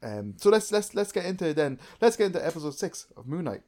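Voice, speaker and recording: A young man co-hosting a podcast in casual chat, rambling with lots of fillers and getting animated. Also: a little high, fast. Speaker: podcast co-host.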